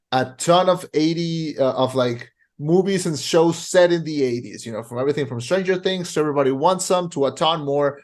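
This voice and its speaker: A man co-hosting a podcast, chatting casually about a film and retelling its scenes in animated, rapid bursts. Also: fairly high pitch. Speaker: podcast co-host. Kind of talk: casual movie review chat.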